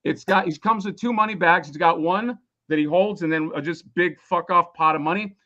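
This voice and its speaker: A man's voice: high-pitched, brisk, bright, forceful tone, muffled recording. A man losing his voice, rambling casually and swearing a lot while explaining a toy on a live stream. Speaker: toy designer presenting a crowdfunding campaign.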